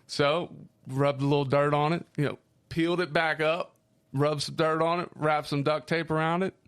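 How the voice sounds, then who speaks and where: A man with a Midwestern accent, co-hosting a casual podcast chat and telling rough stories, swearing freely. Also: a little high, normal speed. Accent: Midwestern American. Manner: swearing storyteller, lively. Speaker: podcast co-host.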